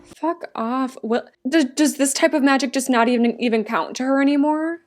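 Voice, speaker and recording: A woman's voice: sits high, moderate pace, faint music behind. A woman reacting to a TV episode in casual commentary, exclaiming and laughing at what she sees. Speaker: reaction video host.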